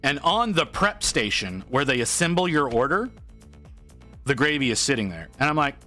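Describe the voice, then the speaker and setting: A man's voice: mid-range voice, sing-song, normal speed, sharp tone, soft background music. A man telling a long, rambling story to his stream chat, slipping into quoted voices as he goes.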